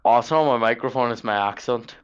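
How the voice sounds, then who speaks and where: A man's voice: medium pitch, fairly quick, smooth, dull audio. A man, a guest on a podcast, bantering crudely over an online call. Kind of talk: casual podcast chat. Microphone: online call connection.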